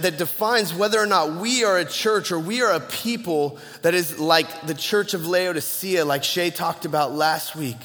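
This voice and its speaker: Pastor man telling a story in a hall. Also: on the high side. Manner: storytelling with humor and animated quoted voices. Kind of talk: sermon.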